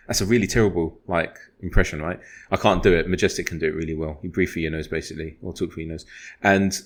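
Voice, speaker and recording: Very deep-voiced rambling man. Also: a bit bright. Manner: rambling storyteller, self-deprecating. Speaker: podcast co-host. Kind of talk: casual football podcast chat.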